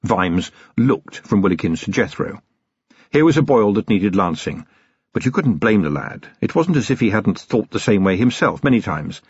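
A man reading a novel aloud as an expressive storyteller. His voice is a touch husky and moves animatedly in pitch. The recording is dry and lo-fi. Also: normal speed, no room sound. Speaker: audiobook narrator. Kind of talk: scripted narration. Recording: dull, dry audiobook recording.

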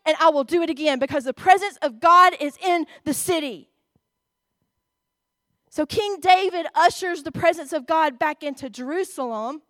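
A woman's voice: high-pitched, fairly bright tone, no room sound, studio quality. A woman, preaching a sermon in a church, reading scripture aloud and speaking expressively to the congregation.

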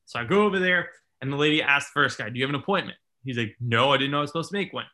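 Man, casual storyteller, lively quoted voices, bright and forceful tone. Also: mid-range voice, very fast. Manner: animated, self-mocking storyteller acting out quotes.

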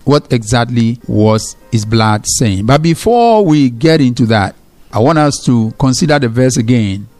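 Pastor preaching, repeating his key phrases. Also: mid-range voice. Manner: slows down to read scripture. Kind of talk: sermon.

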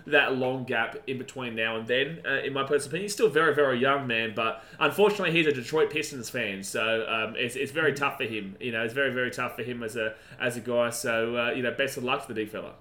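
A man with a bright, forceful tone talks through his opinions in casual podcast chat. He is animated and laughs easily, often starting a sentence over before finishing it. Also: medium pitch, fast, few pauses, reverberant. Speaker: podcast co-host.

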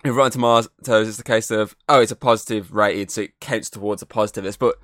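A man's voice: fairly low pitch, steady tone, fast talker, hardly any pauses, a bit bright, no echo, studio quality. A man co-hosting a podcast, talking in a loose, rambling way that is full of fillers and swearing. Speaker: podcast co-host. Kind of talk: casual chat.

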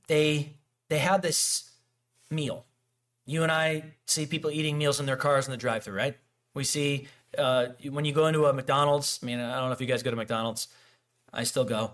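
Male pastor, conversational sermon delivery, slightly high-pitched, animated storyteller. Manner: animated, acts out quoted dialogue, frequent restarts and fillers.

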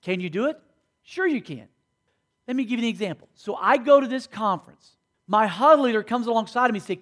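Preaching to students at a school, a man with a strikingly high, expressive voice speaks a little fast. He regularly checks in with his listeners through call-and-response questions.

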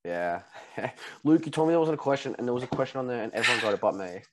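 A young man with an Australian accent, hosting a podcast in casual chat and teasing his friends with quick questions. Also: mid-range voice, animated, heavy background noise. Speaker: podcast host.

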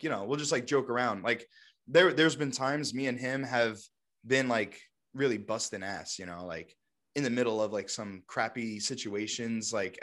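A young man chatting casually on a podcast in a middle-pitched voice. He rambles, piling on filler words. He keeps it loose and conversational. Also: fairly bright tone. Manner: rambling, heavy with fillers like "like" and "you know". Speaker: podcast co-host. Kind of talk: casual chat.

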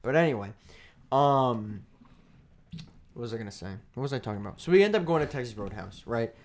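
A man's voice: mid-range voice, animated, a little fast. A man co-hosting a podcast in casual chat, telling a rambling, joking story. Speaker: podcast co-host.

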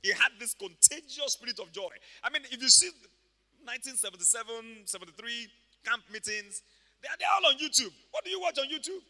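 Pastor man preaching, very high piercing voice, shouts a lot, big echoey church hall. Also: fast talker. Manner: animated, shouting and laughing, emphatic. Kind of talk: sermon.

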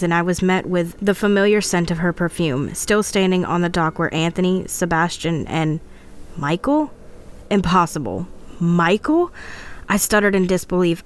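A woman's voice: lowish voice, clean tone. A woman podcast co-host narrating a first-person tale with emotional storytelling.

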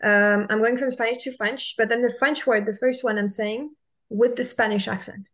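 Higher-voiced woman co-host, casual. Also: moderate pace. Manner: relaxed, filler-heavy questions. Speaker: podcast co-host. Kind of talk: casual interview chat.

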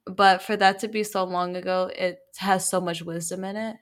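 A woman co-hosting a podcast in casual chat, measured and reflective, drawing out her phrases. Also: fairly low pitch, steady tone. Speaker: podcast co-host.

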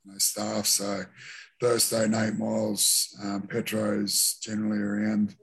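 Australian man with a low, flat voice. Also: measured pace, vocal fry. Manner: relaxed, many fillers and restarts. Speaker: guest, former rugby league captain. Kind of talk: casual interview chat.

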